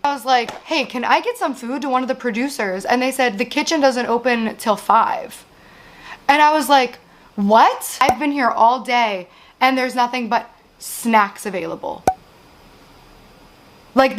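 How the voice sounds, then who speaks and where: A woman in her thirties telling a long personal story as host, rambling with lots of "like" and swearing, exasperated as she vents. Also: fairly high pitch. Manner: rambling, frequent "like" and profanity, exasperated venting. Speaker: show host. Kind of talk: candid storytelling monologue.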